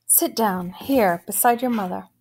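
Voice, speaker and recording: A woman voicing a calm, kindly older woman doctor with a soothing manner. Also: mid-range voice, a little slow, slightly rough, rough recording.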